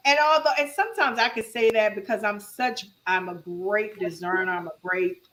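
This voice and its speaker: A woman's voice: mid-range voice, normal speed, fairly bright tone, a little hiss or hum, rough recording. A woman co-hosting a casual talk show, speaking emphatically and self-assuredly, laughing often. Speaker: co-host. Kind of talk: casual chat.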